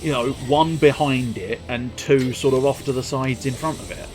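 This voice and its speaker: A man's voice: mid-range voice, moderate pace. A young man streaming a video game, chatting and rambling to viewers in a self-amused way, sometimes singing joke lines. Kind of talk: casual gameplay commentary. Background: faint game music.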